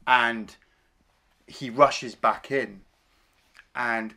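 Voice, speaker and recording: A man's voice: mid-range voice, fairly even intonation, drawn-out words, bright, forceful tone. A man co-hosting a film review podcast, casually retelling scenes and acting out the characters' lines.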